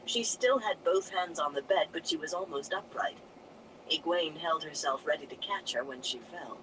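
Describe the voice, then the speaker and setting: A narrator reading a fantasy novel aloud in a steady storytelling manner. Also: medium pitch, moderate pace, noisy background. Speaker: audiobook narrator.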